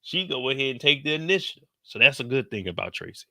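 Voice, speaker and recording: A man's voice: mid-range voice, creaky, dry recording, clean studio sound. A man hosting a casual TV recap, telling it as a story in heavy slang and acting out what people said. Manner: slangy, animated, quotes characters in put-on voices; talks slower than in his live streams. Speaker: show recap host.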